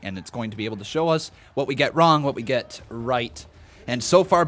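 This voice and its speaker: A man hosting a wrestling watch-along stream, reacting with excitement and reading out viewers' chat messages. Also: mid-range voice. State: out of breath. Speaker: live-stream host.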